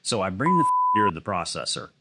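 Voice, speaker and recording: A man's voice: low-pitched, quick pace, very noisy. A man casually telling a long hunting story, swearing often and acting out what others said. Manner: animated, swears a lot, acts out other people's lines.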